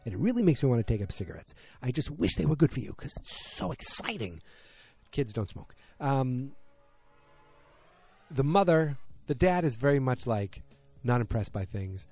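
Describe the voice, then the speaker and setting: A man's voice: medium pitch, big pitch swings, moderate pace, darkish tone, husky, no room sound, faint music behind. A man from middle America with a Midwestern accent, recapping a TV drama in a rambling, filler-heavy chat and acting out the characters' lines. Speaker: show recapper.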